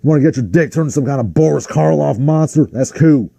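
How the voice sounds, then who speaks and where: A crude, easygoing Southern fellow from a stand-up routine, as a man puts him on. He talks in a loud folksy drawl with a Southern US accent, his voice pushed noticeably higher than a normal man's. The sound is dry and close. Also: fast, vocal fry, no echo. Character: crude good-natured Southern man from a comedy bit.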